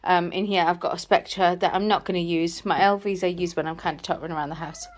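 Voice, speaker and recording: A woman's voice: lowish voice, fairly even intonation, fast, slight background noise. A pregnant-sounding woman, chatting casually at home in a vlog, out of breath and rambling. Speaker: vlogger. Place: indoors at home.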